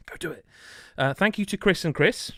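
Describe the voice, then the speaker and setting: A man in his thirties hosting a podcast, loud, rambling and jokey. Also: high-pitched, moderate pace, no room sound, clean studio sound. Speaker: podcast host. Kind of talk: casual chat.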